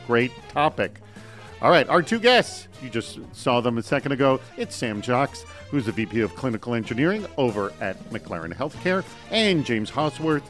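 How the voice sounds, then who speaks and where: A man hosting a live online talk show, chatty and energetic as he runs through announcements and introduces guests. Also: mid-range voice.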